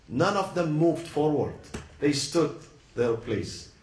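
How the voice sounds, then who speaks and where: High-voiced man preaching a story, echoey. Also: big pitch swings, darkish tone. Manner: dramatic, slows and drops low for emphasis. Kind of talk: emotional sermon storytelling.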